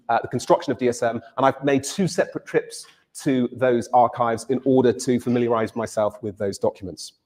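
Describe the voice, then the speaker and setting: A man's voice: medium pitch, darkish tone. A male university lecturer giving a lecture and telling a story, repeating words as he starts his phrases.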